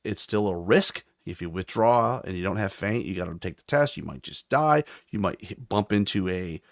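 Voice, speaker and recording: A man's voice: lowish voice, expressive, moderate pace, creaky, no room sound, studio quality. A man hosting a podcast, chatting enthusiastically and reading listener responses aloud. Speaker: podcast host. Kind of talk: casual chat.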